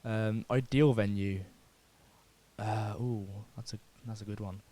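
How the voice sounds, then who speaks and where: A man's voice: on the low side, steady tone, a little slow, warm tone. A young man, a musician being interviewed, laid-back and self-deprecating, laughing often. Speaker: musician guest. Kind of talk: casual interview chat.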